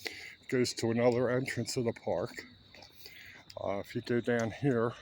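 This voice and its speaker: A man's voice: medium pitch, fairly even intonation, a little slow, a little mellow, slight background noise. A man in his seventies chatting casually while walking a park trail, rambling as he goes. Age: 70s. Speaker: vlogger.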